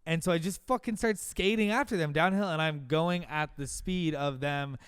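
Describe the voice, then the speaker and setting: A man in his thirties, co-hosting a casual podcast and telling a story with animated, acted-out quotes. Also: a little high, normal speed, clean tone, no room sound, clean studio sound. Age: 30s. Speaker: podcast co-host.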